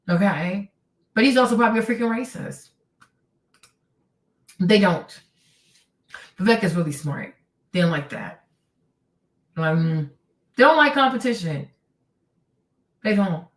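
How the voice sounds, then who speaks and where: A woman's voice: mid-range voice, lively intonation, a little slow, long pauses, roomy sound, far from the mic. A woman hosting her own stream, ranting in casual commentary, sarcastic and profane, often mimicking people she talks about. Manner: heated, sarcastic, profane, mimics others in quotes. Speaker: streamer host.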